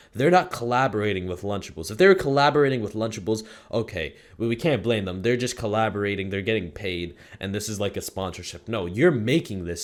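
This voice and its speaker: A young man ranting casually in a rambling, profane, slangy way, often ending lines with "bro" or "man.". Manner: swings between loud outbursts and low mutters. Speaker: commentary streamer. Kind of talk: casual commentary rant.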